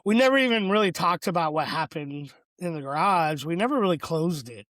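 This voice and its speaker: A man with a somewhat high-pitched voice tells a personal story on a podcast. He sounds earnest and reflective and leans on lots of fillers. The recording is close and dry. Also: animated, brisk, a bit bright, no echo. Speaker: podcast co-host.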